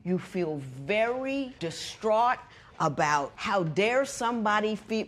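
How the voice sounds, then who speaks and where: A middle-aged woman judge on a courtroom show, firmly lecturing and advising the couple, moving between stern and gentle. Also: lowish voice. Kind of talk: courtroom ruling and advice.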